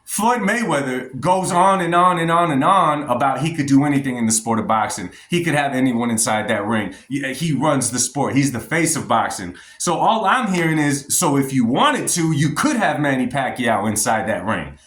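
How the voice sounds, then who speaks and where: A man's voice: medium pitch, lively intonation, normal speed, hardly any pauses, fairly bright tone. Emphatic male vlogger, roomy echo. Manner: emphatic, blunt, addresses viewers directly. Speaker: boxing vlogger. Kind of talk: opinionated commentary vlog.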